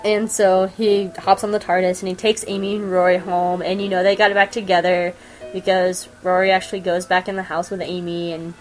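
A woman's voice: lowish voice, a little fast, soft background music, rough recording. Gushing young woman recapping a show. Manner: gushing, excitable, acts out quoted lines. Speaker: podcast host. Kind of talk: casual recap of a TV episode.

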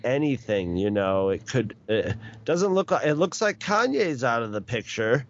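A man's voice: mid-range voice, big pitch swings, moderate pace, slight background noise. A middle-aged man in casual chat, rambling along with many restarts and chuckles. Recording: dull lo-fi recording.

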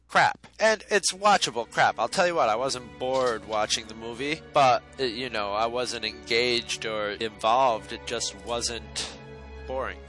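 A man's voice: fairly low pitch, bright, forceful tone, poor audio. A man giving a casual, opinionated film review, blunt and sarcastic and swearing now and then. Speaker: movie reviewer.

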